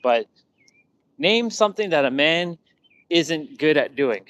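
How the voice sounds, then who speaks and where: The man's voice is a little high and a bit bright, animated but slow-paced. He's a vlogger rambling through casual stories, often restarting and acting out what others said. The audio has no room sound and its highs are cut off.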